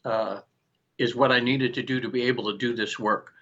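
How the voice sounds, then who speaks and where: A man in his sixties, an interview guest telling a personal story in an animated way, acting out quoted lines and often restarting his sentences. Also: medium pitch, normal speed. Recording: dull lo-fi recording.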